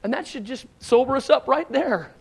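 Middle-aged pastor guy preaching, gravelly voice, chatty and rambling. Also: extremely high pitch, lively intonation, moderate pace. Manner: conversational, rambling with restarts, acts out shouted lines in stories. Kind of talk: sermon with personal stories.

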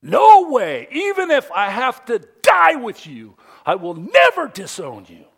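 A preacher acting out a boastful disciple. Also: male voice, extremely high pitch, wildly swooping pitch, moderate pace, gravelly, husky, pitched above the performer's own voice, heavily acted. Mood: insistent. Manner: swings from hushed disbelief to loud insistence. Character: boastful adult man disciple, proud then broken.

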